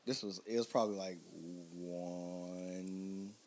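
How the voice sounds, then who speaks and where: A man's voice: on the low side, steady tone, a little fast, darkish tone, slight background noise. A man co-hosting a casual podcast chat, telling rambling stories and laughing often. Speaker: podcast co-host.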